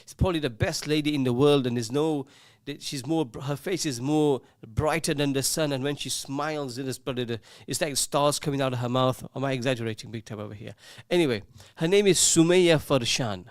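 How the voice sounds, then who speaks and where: A man's voice: medium pitch, fairly even intonation, a little fast, hardly any pauses, no room sound, clean studio sound. A man presenting a casual radio show, chatting, teasing his co-host and reading out listener messages. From England. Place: radio studio. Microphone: studio microphone.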